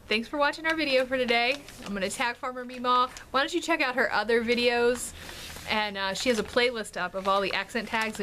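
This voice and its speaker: Bright, chatty woman vlogger. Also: mid-range voice, slight background noise. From Washington DC and Maryland area. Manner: chatty, laughing often, rambling anecdotes. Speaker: family vlogger. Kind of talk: casual chat to camera.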